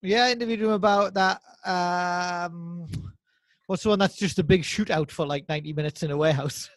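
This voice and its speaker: A man's voice: high-pitched, normal speed, dry recording. A British man co-hosting a podcast in casual chat, with dry, teasing banter. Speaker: podcast co-host.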